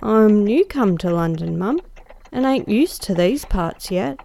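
A woman doing a wheezy, hoarse London cabman. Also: medium pitch, animated, measured pace, mellow. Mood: sheepish. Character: burly, dim London cab driver man.

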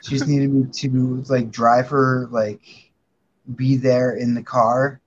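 A man guest on a talk show, telling a story in a halting, stammering way. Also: medium pitch, flat delivery, dull audio. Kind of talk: casual chat.

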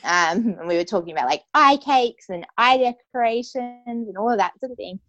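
A woman's voice: a little high, lively intonation, normal speed, a bit bright, dry recording, dull audio. Young woman, casual storytelling, lots of fillers, dry close sound. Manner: casual, heavy use of "like" and "you know" fillers. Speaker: interview guest. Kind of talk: personal storytelling.

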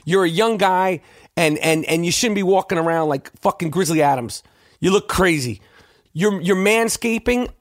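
Man, podcast host, brash rant, stammering repeats, high voice, dry sound. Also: normal speed, no echo. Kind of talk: profane rant.

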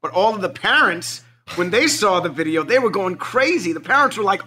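Bright-voiced, excitable middle-aged man. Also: sits high, a little fast. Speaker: podcast co-host. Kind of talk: casual chat.

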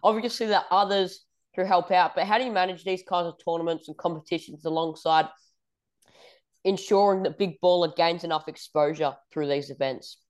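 A woman's voice: fairly low pitch, a little fast, a little mellow. A woman with an Australian accent hosting a sports podcast, asking polite interview questions and agreeing often. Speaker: podcast host.

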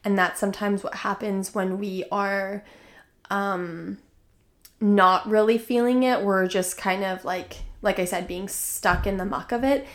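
A woman's voice: medium pitch, a bit bright. A woman hosting a podcast, telling a personal story in a chatty, casual way with many fillers. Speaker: podcast host.

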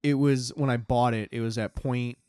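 A man's voice: mid-range voice, fairly even intonation, normal speed, darkish tone, clean tone, no echo, studio quality. A young man, a podcast host, tells a story in casual chat, swearing often and acting out his own reactions.

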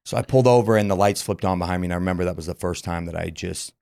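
A man's voice: low voice, rapid-fire, gravelly, darkish tone, no room sound, clean studio sound. A man from Utah, a podcast guest, telling his story frankly with lots of filler words. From Utah, USA. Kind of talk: candid personal storytelling.

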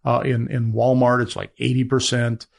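Gravelly male business guest. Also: flat delivery, moderate pace. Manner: rambling, many restarts, pitching business. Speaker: media entrepreneur guest. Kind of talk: interview.

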